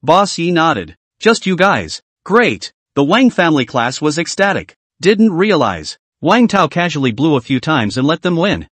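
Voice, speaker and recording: Male recap narrator, animated delivery, dry close read. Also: fairly high pitch, moderate pace, hardly any pauses, breathy edge, no room sound. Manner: lively storytelling, reads every character himself. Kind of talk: scripted story recap narration.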